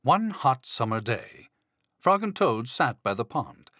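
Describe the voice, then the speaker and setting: Slow, expressive man reading a children's story. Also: medium pitch, dry recording, studio quality. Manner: slow, expressive read-aloud. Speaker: audiobook narrator.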